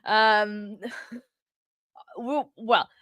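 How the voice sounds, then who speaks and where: A woman's voice: medium pitch, fairly even intonation, drawn-out words, a bit bright, clear, resonant tone, no room sound. A woman hosting a casual livestream from home, chatting loosely with viewers and laughing often between rambling sentences. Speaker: livestream host.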